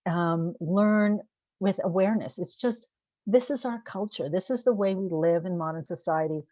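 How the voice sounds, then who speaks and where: Woman coach, lowish voice, chatty to-camera vlog, asks listeners direct questions, dull dry sound. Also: moderate pace, warm tone, dry recording. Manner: conversational, asks rhetorical questions; laughs at herself. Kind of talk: casual to-camera talk.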